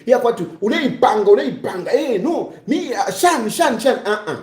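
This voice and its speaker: A Zambian man giving a ranting commentary, scolding and repeating himself and rising to shouts. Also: very high voice, animated, moderate pace, reverberant.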